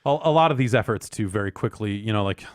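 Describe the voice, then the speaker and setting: A man co-hosting a podcast in casual chat, chiming in with quick agreements and stammered restarts. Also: on the low side, expressive, no echo, studio quality. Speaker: podcast co-host.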